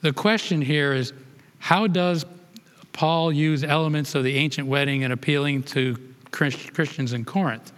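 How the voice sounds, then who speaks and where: A man's voice: on the high side, moderate pace, a bit bright. Man teaching a Bible class in a hall. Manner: explains verses, rereads and restarts phrases.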